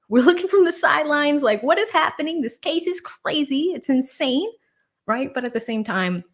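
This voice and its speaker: A woman in her thirties from Boston with a Boston accent, chatting casually on a livestream and reading viewer comments. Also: mid-range voice. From Boston, USA. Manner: chatty, animated, many fillers, reads viewer comments. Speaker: livestream host.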